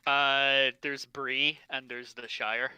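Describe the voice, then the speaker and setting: Male co-host, bright and crisp, dry close mic, talkative explainer. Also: medium pitch, little pitch movement, takes it slowly, dry recording, rough recording. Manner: knowledgeable, explains at length with fillers. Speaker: podcast co-host. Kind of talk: casual livestream chat.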